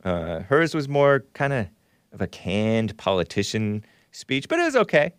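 A man's voice: on the low side, big pitch swings, unhurried, clean tone, no echo, studio quality. A man from Southern California hosting a talk show, reading viewer messages aloud with wry, sardonic asides.

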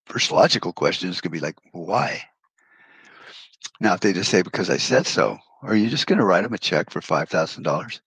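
A middle-aged man with a very low, husky voice delivers a profane, blunt rant into a close podcast mic. The room sounds dry and dead, and he leans on folksy comparisons to make his point. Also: lively intonation, racing, hardly any pauses, a bit bright, no echo, rough recording. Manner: blunt, swears freely, folksy analogies. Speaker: podcast host.

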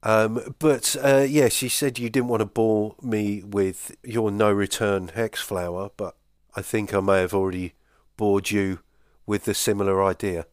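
A man with a very low voice hosts a podcast, answering listener messages in a relaxed, halting way. He pokes fun at himself between fillers. The sound is dry and close. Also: dry recording. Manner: hesitant and self-deprecating, with many fillers. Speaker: podcast host.

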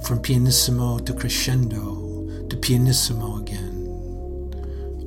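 A man giving a hushed, contemplative literary reading, with faint music behind him. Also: medium pitch. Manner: slow, hushed, contemplative delivery. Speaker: essay reader.

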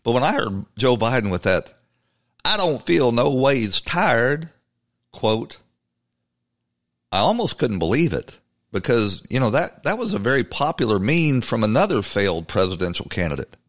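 A man with a low, deep voice delivers a talk-show monologue. He is emphatic and conversational, often repeating words as he restarts a thought. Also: sing-song, moderate pace. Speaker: podcast host. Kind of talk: political commentary monologue.

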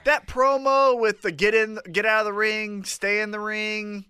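A man's voice: high voice, steady tone, measured pace, pushed and bright, clean tone, no echo, clean studio sound. A man co-hosting a casual wrestling podcast chat, teasing and laid-back, with some swearing. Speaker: podcast co-host.

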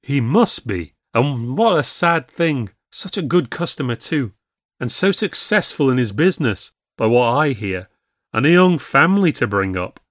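A man's voice: medium pitch, very animated, moderate pace, a bit bright, dry recording, studio quality, voice pushed up. A man voicing a frightened older innkeeper who speaks fearfully and wails, in a spoken ghost story. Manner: wailing, fearful. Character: frightened male innkeeper, older, sweating and quivering.

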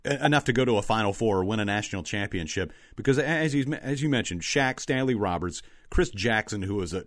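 A man's voice: on the low side, no room sound, clean studio sound. A man co-hosting a casual sports talk show, easygoing and agreeable as he recalls past college teams.

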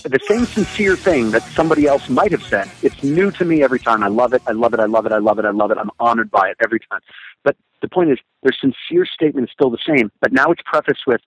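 A man's voice: medium pitch, fast talker, husky, no room sound, poor audio. Emphatic storytelling man, dry sound. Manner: emphatic storyteller, acts out quoted thoughts. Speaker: guest, motivational speaker and hardcore singer. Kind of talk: animated podcast conversation.

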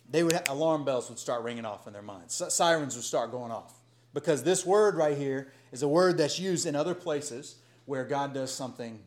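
A middle-aged man preaching a sermon in a conversational, animated way with folksy asides. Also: a little high. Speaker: pastor.

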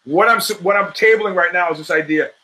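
High-pitched, fast and bright, this man's voice carries a forceful edge over a rough recording. He's a podcast host giving a casual monologue of fight predictions, opinionated and full of swearing and street slang. He rambles and keeps breaking off to restart sentences.

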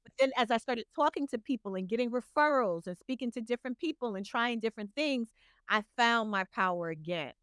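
A woman with a fairly high voice, talking as a guest on a podcast. She speaks in an earnest, motivational way, urging the listener on. The recording is dry and close. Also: expressive, a little fast, fairly bright tone, clear, resonant tone, no echo. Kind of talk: casual podcast conversation.

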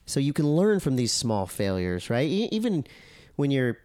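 A man chatting as a podcast guest, animated and acting out his own quoted thoughts. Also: medium pitch, normal speed, no echo, clean studio sound. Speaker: podcast guest, surf commentator and editor. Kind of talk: casual podcast conversation.

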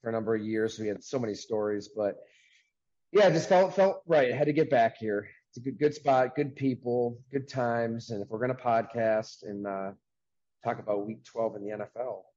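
A man hosting a casual sports podcast over a video call from a sports bar, talking in an upbeat, chatty way with quick asides. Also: mid-range voice, dark tone, lo-fi sound. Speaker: podcast host.

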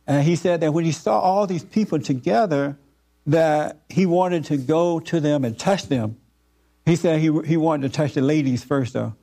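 A man giving an informal spiritual talk to a group, earnest and repetitive, with frequent halting fillers. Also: on the high side, warm tone.

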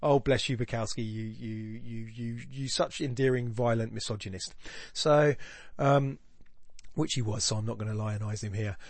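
A man's voice: medium pitch, moderate pace, dry recording. A man hosting a podcast, thinking aloud in a rambling, reflective way with frequent restarts. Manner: thoughtful, rambling, with many restarts. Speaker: podcast host. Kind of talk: casual reflective monologue.

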